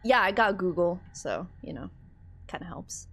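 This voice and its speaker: Animated woman streamer laughing at a game. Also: lowish voice, normal speed, gravelly, crowd noise. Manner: laughing, swearing, reacting loudly. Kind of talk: casual game commentary.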